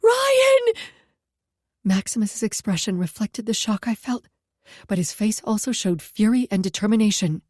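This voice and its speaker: A woman reading a first-person story aloud at a steady pace, close to the mic. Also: mid-range voice, moderate pace, no echo. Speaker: audiobook narrator.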